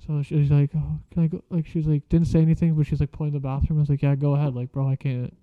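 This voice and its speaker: Young man, casual vlog storyteller, swears constantly, slangy and rambling, slightly raised pitch, dry muffled lo-fi sound. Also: little pitch movement, rapid-fire, no echo.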